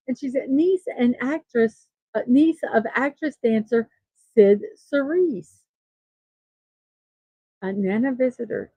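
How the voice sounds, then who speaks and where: A woman's voice: fairly high pitch, warm tone, no room sound, muffled recording. Chatty woman host reading birthdays. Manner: chatty, self-deprecating, reads lists aloud. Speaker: host of a daily morning show. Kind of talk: casual birthday roundup. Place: East Coast of the United States.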